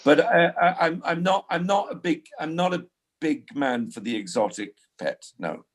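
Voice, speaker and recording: A man's voice: fairly high pitch, animated, moderate pace. A man in his sixties, chatting casually as a guest and rambling with frequent restarts. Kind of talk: casual conversation.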